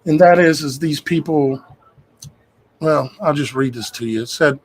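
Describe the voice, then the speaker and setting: A man's voice: fairly high pitch, a little slow, husky, rough recording. A man, hosting his show and talking to viewers in a rambling, folksy way. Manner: rambling, conversational, folksy with "y'all guys". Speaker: show host. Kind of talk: casual talk to viewers.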